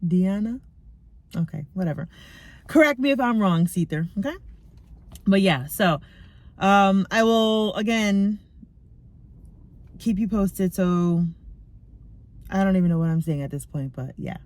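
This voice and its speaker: A middle-aged woman talking candidly in a chatty personal video diary, sometimes dropping into soft asides. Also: on the low side, a little slow, pauses often. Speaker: vlogger. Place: sitting in a parked car.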